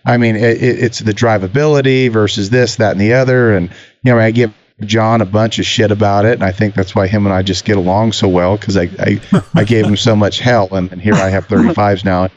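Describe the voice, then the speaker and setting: A middle-aged man co-hosting a podcast, telling animated stories in casual chat and swearing freely. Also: lowish voice, a little fast. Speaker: podcast co-host. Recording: slightly muffled audio.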